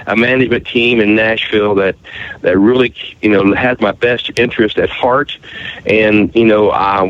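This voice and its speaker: A man's voice: on the low side, highs cut off. Folksy man with Appalachian twang. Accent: Appalachian country twang. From southwestern Ohio. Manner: laid-back, folksy, halting with fillers. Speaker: country singer-songwriter, guest. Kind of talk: radio interview.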